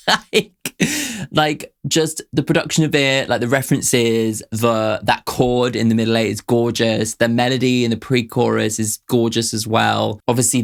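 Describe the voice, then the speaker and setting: A man's voice: medium pitch, creaky. A young man hosting a casual song reaction, chatty and self-deprecating, often breaking into laughter as he picks apart the music.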